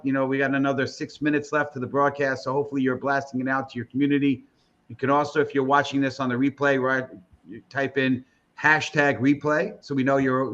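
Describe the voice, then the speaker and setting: A man's voice: medium pitch, fairly bright tone, lo-fi sound. A man from the American Northeast hosting a live interview broadcast, rambling casually with many restarts and fillers while hyping up his audience. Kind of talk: casual live-stream chat.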